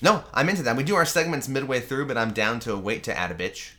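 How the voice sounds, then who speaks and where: A man's voice: very animated, quick pace, sharp tone. A man co-hosting a podcast, chatting enthusiastically and swearing freely. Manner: enthusiastic, swearing, quoting lines in a low voice. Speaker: podcast co-host. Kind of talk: casual chat.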